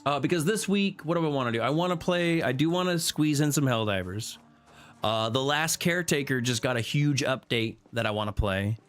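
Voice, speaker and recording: A man's voice: lively intonation, brisk, fairly bright tone, faint music behind. Playful man chatting while gaming. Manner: playful, jokey, repeats himself, jumps into squeaky exclamations. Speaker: gaming streamer. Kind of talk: casual multiplayer gameplay chat.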